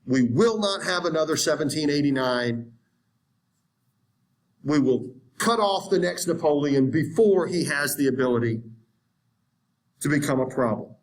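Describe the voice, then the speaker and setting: A man giving a history lecture in an animated, conversational way, acting out historical viewpoints. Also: fairly high pitch. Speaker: history teacher. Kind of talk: classroom lecture.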